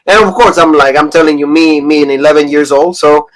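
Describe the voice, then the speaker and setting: Guy in his 30s from pennsylvania, pitch a bit high, rambly, retells stories w quotes. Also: fairly even intonation, a little fast, low-quality recording. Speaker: podcast co-host. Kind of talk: casual review chat.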